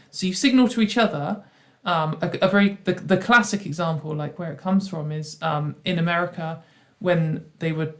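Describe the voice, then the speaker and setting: Chatty rambling woman on a stream. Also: on the low side. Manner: rambling, with many restarts and ironic quoted voices. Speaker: host. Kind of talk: casual livestream chat.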